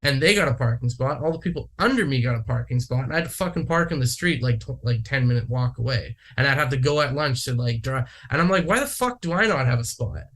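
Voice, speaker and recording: A man's voice: mid-range voice, quick pace, hardly any pauses, a bit bright. A man from Manitoba, Canada, chatting casually on a podcast, rambling with lots of fillers and swearing. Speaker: podcast guest. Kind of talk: casual chat.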